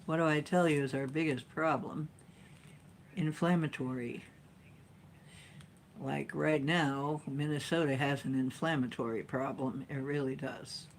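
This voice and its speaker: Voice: mid-range voice, fairly even intonation, unhurried, a little hiss or hum, low-quality recording. A channel host talking casually to viewers, rambling through personal stories and reading an article aloud with sarcastic asides.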